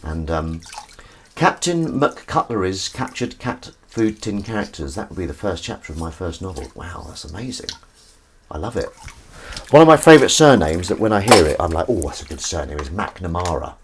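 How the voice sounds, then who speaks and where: A man's voice: deep voice, very animated, normal speed, slight background noise. A man hosting a casual live stream from his kitchen sink, rambling and chatting with his viewers. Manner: rambling, chatty, reads out and answers chat. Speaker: livestream host.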